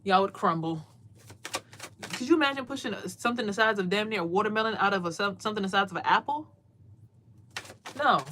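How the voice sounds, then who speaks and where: A woman's voice: mid-range voice, lively intonation, fast talker, slight background noise. A woman hosting a casual livestream from a small closet, talking emphatically in a preachy way and often repeating her words. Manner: emphatic, preachy, repeats words, mimics others in loud bursts. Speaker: livestream host doing card readings.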